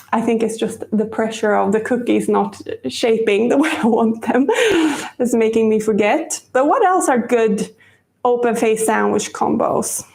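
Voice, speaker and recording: A woman's voice: fairly high pitch, gravelly, darkish tone, reverberant. A woman hosting a casual live-stream baking demo, chatty and rambling and laughing often. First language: Swedish. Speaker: cooking show host.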